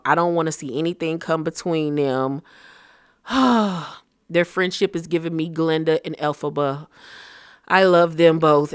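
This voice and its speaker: A man giving a casual, gossipy recap of a reality TV episode, talking in an animated, slang-filled way. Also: on the high side, clear, resonant tone, no echo, clean studio sound.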